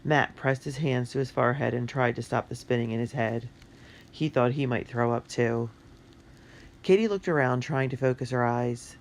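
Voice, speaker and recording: A narrator reading a children's adventure book in a clear, steady way. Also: mid-range voice, moderate pace, a little hiss or hum.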